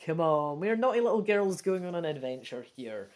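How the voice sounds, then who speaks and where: A woman with a Scottish accent reading a gamebook aloud, breaking off into chatty, quick asides. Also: lowish voice, very animated, a little mellow. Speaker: gamebook reader. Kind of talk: casual read-through with chatty asides.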